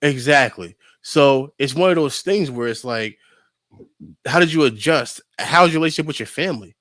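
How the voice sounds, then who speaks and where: A man from New York telling stories in casual podcast chat, animated and full of fillers, acting out the voices of people he quotes. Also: mid-range voice, normal speed, no room sound, studio quality. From New Rochelle, New York.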